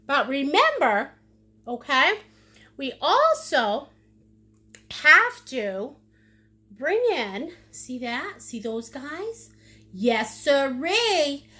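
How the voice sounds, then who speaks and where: A woman's voice: sits high, big pitch swings, drawn-out words, pauses often, sharp tone. A woman teaching a live-streamed painting class, bubbly and playful as she chats with her viewers. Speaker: painting instructor.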